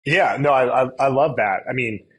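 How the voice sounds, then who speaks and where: Guy on a podcast, rambly and casual, lots of likes and you knows, mid-pitch voice. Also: normal speed, poor audio. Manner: loose, rambling, many fillers and restarts. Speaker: guest, influencer marketing agency CEO. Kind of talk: casual conversational interview.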